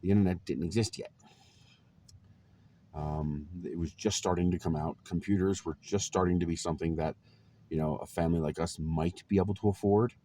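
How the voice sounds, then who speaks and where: A man in his forties with a very low voice tells personal stories in a relaxed, rambling vlog. His talk is loose, full of ums and small chuckles, with a faint hiss of noise behind him. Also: fairly quick. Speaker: vlogger. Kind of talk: casual storytelling to camera.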